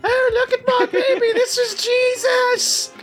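A man putting on a squealing falsetto as a frantic Pythonesque woman showing off her baby. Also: level tone, measured pace, fairly bright tone, soft background music.

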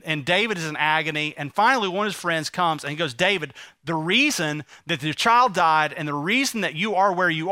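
A man delivers a sermon from the pulpit, his voice sitting high and bright. He retells scripture in plain, conversational words and draws the congregation into responding. The sound is close and dry. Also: clear, resonant tone, no room sound. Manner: preaching with rising emphasis, paraphrasing scripture conversationally. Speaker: pastor.

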